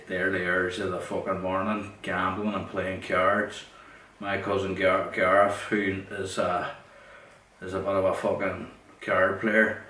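A man's voice: deep voice, a bit bright. A middle-aged man with a Derry accent, hosting a podcast and telling long rambling stories, blunt and swearing, often repeating himself. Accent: Northern Irish, Derry. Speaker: podcast host. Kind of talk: rambling storytelling monologue. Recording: roomy, distant, faint noise.

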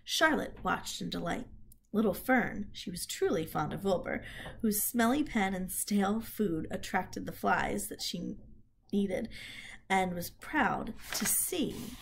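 A woman reading a children's book aloud, expressive storytelling with a few slips. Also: medium pitch, takes it slowly, gravelly, slight background noise. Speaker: reader.

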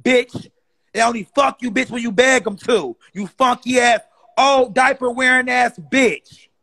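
A young man ranting in a profane, exasperated, fast-talking comedy style. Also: very high voice, creaky, pushed and bright. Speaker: comedy creator.

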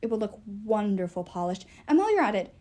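A woman's voice: medium pitch, very animated, fast, a little mellow, natural voice. A woman voicing a pompous, greedy elderly male elf lord who talks in a haughty, commanding way. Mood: gloating.

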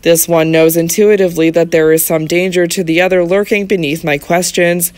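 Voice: medium pitch, flat delivery, a little fast, a little mellow, smooth, no room sound, natural voice. An audiobook narrator voicing a young male barrister who questions people politely and formally. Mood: probing.

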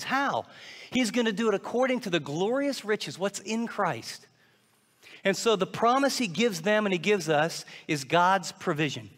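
A man's voice: high voice, a bit bright, in a large hall. A man preaching a sermon, acting out his listeners' doubts in quoted asides. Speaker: pastor.

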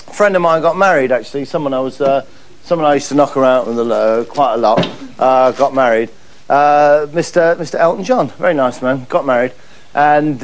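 A man's voice: medium pitch, slight background noise. A man hosting a comedy show, delivering a mock-pompous monologue in a camp, gushing way. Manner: camp, gushing, repeats "that's lovely". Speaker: comedy host.

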